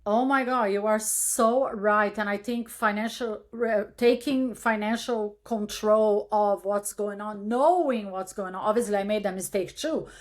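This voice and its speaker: A woman's voice: medium pitch, measured pace, hardly any pauses. A woman hosting an interview podcast in casual chat, talking candidly and emphatically with the odd swear word. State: widowed. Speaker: podcast host.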